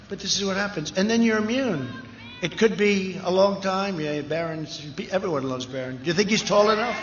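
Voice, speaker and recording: A man's voice: sits high, brisk, fairly bright tone, a little hiss or hum. A man giving an off-the-cuff rally speech, rambling and boastful with digressive asides. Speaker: speaker at a political rally. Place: large rally venue. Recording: echoey lo-fi rally sound system.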